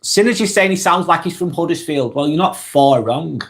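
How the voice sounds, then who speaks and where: A man with a Lancashire accent, hosting a casual live stream while he has a head cold, talking in a relaxed, earnest way and reading viewers' comments aloud. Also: a little high, normal speed. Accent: Lancashire English. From Lancashire, England. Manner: relaxed, earnest, rambling with fillers and sighs.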